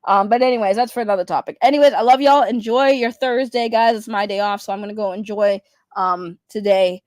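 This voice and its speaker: A woman's voice: mid-range voice, fairly quick, a little mellow, no echo, clean studio sound. A young adult woman streamer giving blunt, profane ranting commentary, repeating her points for emphasis.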